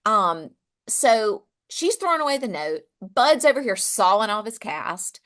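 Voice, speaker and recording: A woman co-hosting a podcast in casual chat, reacting quickly and asking questions. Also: medium pitch, sing-song, a bit bright. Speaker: podcast co-host.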